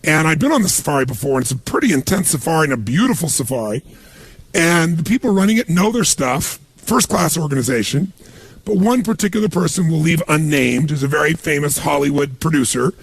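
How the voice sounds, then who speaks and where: Man, motivational seminar talk, animated storytelling, gravelly voice, dry close sound. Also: on the high side, no room sound. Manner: animated storytelling, punchy emphasis. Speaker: motivational speaker.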